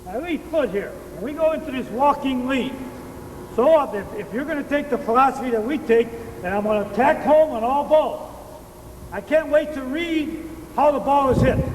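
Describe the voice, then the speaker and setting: High-voiced man coaching from a distance. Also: normal speed, slight background noise. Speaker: baseball coach. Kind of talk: instructional demonstration. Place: outdoor baseball field. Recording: distant, roomy old VHS audio.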